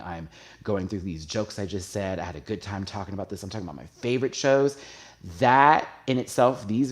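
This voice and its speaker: A male YouTube show host with a low voice talks candidly and confessionally to his viewers. He is emotional and hesitant, restarting phrases, and his voice gets louder and higher as feelings swell.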